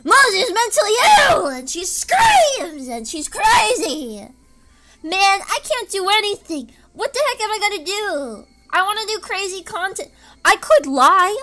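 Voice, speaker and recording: Woman, streamer, casual stream chat, erratic rambling, very animated pitch, sharp tone. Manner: rambling, erratic, bursts into screams and laughter. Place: home.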